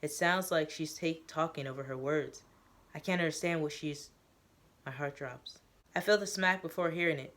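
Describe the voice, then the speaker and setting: A woman's voice: sits low, moderate pace. Woman reading her novel aloud. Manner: steady storytelling, breaks off to recap. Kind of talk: dramatic reading with casual asides.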